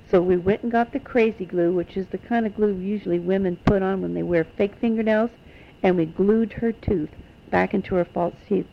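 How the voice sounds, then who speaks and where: An older woman telling homespun family stories to children in an animated storytelling manner. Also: medium pitch, normal speed, creaky, slight background noise. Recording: dull lo-fi recording.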